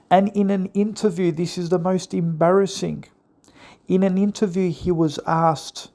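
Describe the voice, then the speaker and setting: A man's voice: sits high, normal speed, creaky, dark tone. A man delivering a sarcastic, mocking political commentary monologue, often mimicking the people he criticizes. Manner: sarcastic and mocking, mimics opponents in put-on voices.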